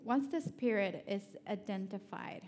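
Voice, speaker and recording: A woman giving a sermon, telling personal stories in an animated way with laughter and soft, prayerful asides. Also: medium pitch, unhurried, slight background noise. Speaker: speaker at a church.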